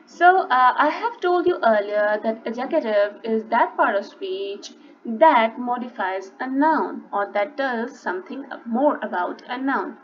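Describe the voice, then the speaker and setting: A woman's voice: fairly high pitch, animated, measured pace. A woman teaching an online English grammar lesson, explaining step by step, stressing key words and often saying "you know". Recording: dull lo-fi sound with faint background hiss.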